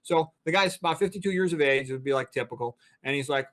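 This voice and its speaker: A blunt doctor in his sixties lectures with plenty of emphasis. His voice sits a little higher than most men's. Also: fast, hardly any pauses, a bit bright. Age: 60s. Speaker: physician, guest. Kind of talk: interview talk.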